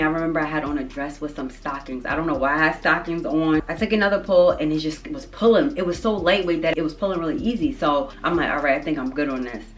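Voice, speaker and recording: A young woman casually telling a personal story to her viewers in a lively, chatty, slangy way. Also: low-pitched, slight background noise. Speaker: storyteller vlogger.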